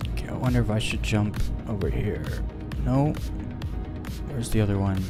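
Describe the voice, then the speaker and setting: A man's voice: on the low side, lively intonation, normal speed, loud music behind the voice. A man streaming a game live, chatting casually and shrugging off criticism with a laugh. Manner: casual and dismissive, laughing things off.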